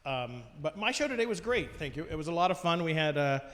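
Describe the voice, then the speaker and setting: A man's voice: on the high side, big pitch swings, quick pace, a bit bright. A middle-aged man, an actor and family comedy performer, explaining his work earnestly as a talk show guest. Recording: live venue with long reverb.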